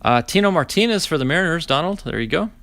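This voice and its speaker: Man in his 40s streaming a card break, chatty, sarcastic storyteller, animated greetings to chat. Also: on the high side, fast, no echo. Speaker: host opening card packs.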